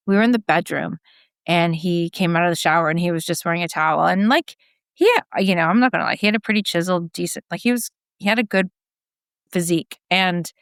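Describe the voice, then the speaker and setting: A woman's voice: lowish voice, no room sound, clean studio sound. A middle-aged woman from Canada, a podcast guest telling her own story candidly and acting out what she said. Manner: animated, acts out quotes of herself.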